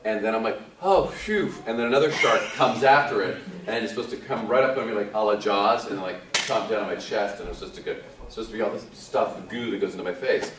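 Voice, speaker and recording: A man in his forties, an actor guest telling lively anecdotes to a convention audience, acting out what others said and laughing often. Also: lowish voice, quick pace, noisy background. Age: 40s. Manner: animated storyteller, acts out quotes, laughs often. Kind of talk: casual anecdote to a live audience. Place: convention hall. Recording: echoey hall, distant mic.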